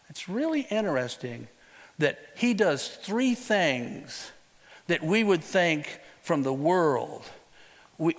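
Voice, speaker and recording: Male preacher, high voice, casual storytelling sermon, asks the congregation questions, long hall reverb. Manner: lively storytelling with rhetorical questions to the listeners; casual, conversational phrasing. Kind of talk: sermon retelling a Bible story.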